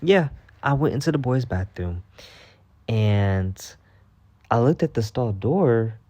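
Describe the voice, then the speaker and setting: A man's voice: mid-range voice, slow, no echo, highs cut off. Profane man ranting in a storytime. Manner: profane, animated, repeats himself for emphasis. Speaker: vlogger. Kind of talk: casual storytime rant.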